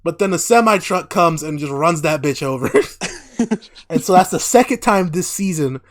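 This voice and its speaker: A man's voice: a little high, normal speed. A man hosting a podcast, recapping a show in casual, profane talk full of laughter. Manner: profane, laughing, animated storytelling. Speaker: podcast host.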